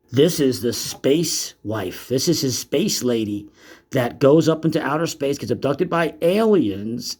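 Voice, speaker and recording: A man's voice: mid-range voice, darkish tone, husky. A man giving casual commentary on videos in a sarcastic, mocking, profane manner. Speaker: YouTube commentator.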